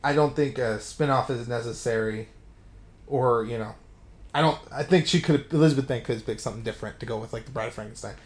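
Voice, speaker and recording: A man recaps a film on a podcast, talking in a loose, animated way at a middling pitch. He swears freely and keeps the story rolling as he goes. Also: fast. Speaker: podcast co-host. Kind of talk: casual movie recap chat.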